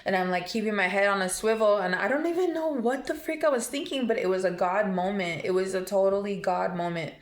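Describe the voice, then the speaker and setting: Woman vlogger, mid-pitch, emotional rambling storyteller, roomy echo. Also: a little fast, hardly any pauses. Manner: emotional, rambling storytelling with many fillers and restarts. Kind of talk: casual storytime vlog.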